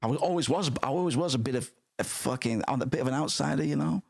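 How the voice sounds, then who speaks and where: A man's voice: mid-range voice, quick pace, creaky. A man streaming, chatting casually and rambling, swearing freely with many restarts.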